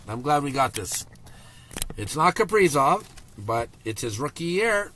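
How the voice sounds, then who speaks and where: A man hosting a live card break, chatty and getting excited as he reveals pulls. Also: fairly high pitch, unhurried, slight background noise.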